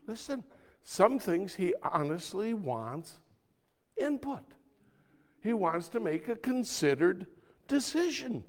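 A man delivers a sermon as pastor, his voice sitting a touch higher than most men's. He preaches emphatically, sinking to near-hushed asides and then climbing to forceful, loud stretches. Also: big pitch swings, slow, long pauses.

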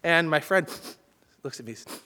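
Brief: male preacher, slightly high voice, animated storyteller who swings from urgent to hushed. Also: normal speed. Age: adult with children. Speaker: pastor. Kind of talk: storytelling sermon.

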